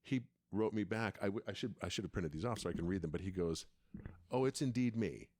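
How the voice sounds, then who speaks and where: Low-voiced rambling middle-aged man. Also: quick pace, darkish tone, no room sound, studio quality. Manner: rambling, repeats words and restarts often. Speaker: podcast co-host, father. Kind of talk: casual storytelling chat.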